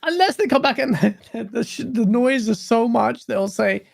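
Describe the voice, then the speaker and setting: A gaming stream co-host ranting casually, animated, swearing and laughing often. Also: mid-range voice, normal speed, gravelly, no echo, clean studio sound.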